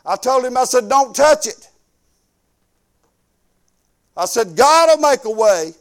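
An older man preaches in a homely, conversational way. His voice sits high, and he pushes into loud, emphatic bursts as he drives each point home. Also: big pitch swings, moderate pace. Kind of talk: sermon.

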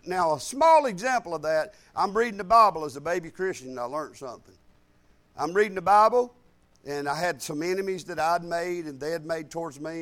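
At normal speed and with lively intonation, a male pastor gives a live sermon. His voice climbs loud and high for emphasis and sinks to hushed asides, with words repeated frequently.

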